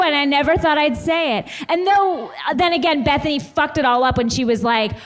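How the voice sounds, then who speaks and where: A woman's voice: high voice, brisk, hardly any pauses, crowd noise, background noise. A woman co-hosting a live comedy podcast on stage, bantering playfully. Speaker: podcast co-host. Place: live stage before an audience.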